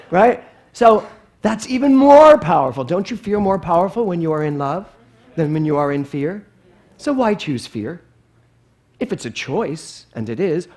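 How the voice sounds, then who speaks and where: A middle-aged man preaching a sermon in a playful, animated way, often asking the congregation questions. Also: sits high. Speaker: minister. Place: spiritual center with congregation.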